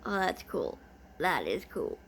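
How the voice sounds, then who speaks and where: A woman's voice: lowish voice, sing-song, unhurried, slight background noise. A woman vlogger chatting casually as she unboxes gifts, gushing and easily delighted.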